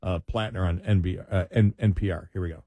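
Male co-host for a casual chat show: husky, jokey and animated, with a dry, close sound. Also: sits low, quick pace, no room sound. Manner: jokey, animated, riffs and repeats himself.

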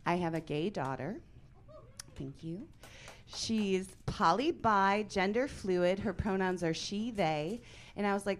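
A woman in her forties performing a stand-up comedy set on a club stage, with a deadpan, punchy delivery and sudden loud bursts. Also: mid-range voice, slow pace, a little hiss or hum.

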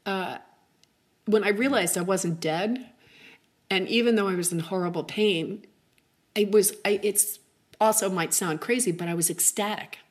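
A middle-aged woman telling a personal story as an interview guest, halting and chatty with many fillers and restarts. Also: medium pitch.

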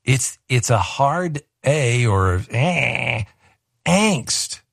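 A man hosts a call-in radio show in a relaxed, chatty way and tosses in chuckling asides. His voice sits at an ordinary middle pitch. It sounds dry and close, with no room around it. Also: a little slow, no echo. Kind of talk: casual call-in radio talk.

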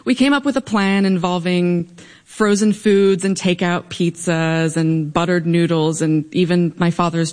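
A young woman telling a humorous personal story on stage before a live audience, in a wry, lively way. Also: lowish voice. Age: young adult.

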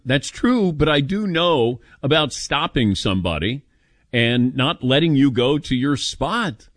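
A middle-aged man hosts a sports talk radio show and takes listener calls, speaking at a moderate pace in clean studio audio with no room sound. He's opinionated, animated and emphatic, his pitch jumping to stress his points.

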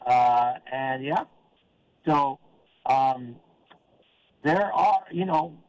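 An older man from Oregon calling into a sports talk show, rambling in a halting, friendly way with lots of fillers and restarts. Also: medium pitch, darkish tone, no echo, lo-fi sound. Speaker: caller. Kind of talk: casual call-in chat.

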